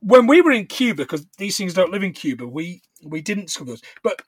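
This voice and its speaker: Man, 30s, podcast co-host, animated storytelling, swearing, very lively pitch. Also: husky, dry recording. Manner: animated, swearing, quick to laugh. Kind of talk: casual film recap chat.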